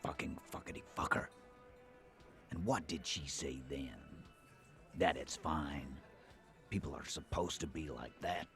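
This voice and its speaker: A game's gruff gang boss: deep, slow and gravelly. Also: male voice, a bit bright, faint music behind. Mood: furious. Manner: gruff, swearing, bitter. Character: burly foul-mouthed male gang boss, hot-tempered. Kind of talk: video game voice acting.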